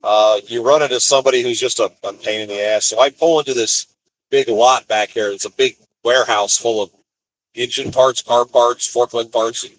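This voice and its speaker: A man's voice: medium pitch, steady tone, normal speed, dry recording, low-quality recording. Man, van driver, wry rambling live stream, talking from his van, phone mic. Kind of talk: casual storytelling live stream. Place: inside his van on the road.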